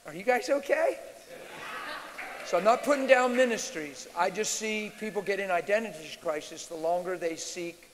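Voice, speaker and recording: A man preaching live in a large church, animated, sometimes shouting and mimicking screams. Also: sits high, normal speed. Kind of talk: sermon Q&A. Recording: reverberant hall with faint hiss.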